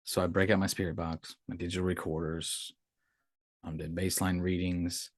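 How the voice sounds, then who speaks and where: Deep-voiced man telling a ghost story. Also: little pitch movement, moderate pace, dry recording, studio quality. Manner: conversational, rambling with restarts and acted-out quotes. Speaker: podcast host telling his own experiences. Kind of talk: casual storytelling.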